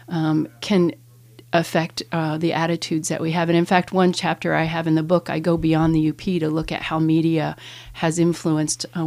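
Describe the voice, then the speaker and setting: A woman from Ohio with a lowish, gravelly voice answers interview questions as an English professor. She explains things carefully and pauses often with "um." Her delivery is measured and thoughtful. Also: a little mellow.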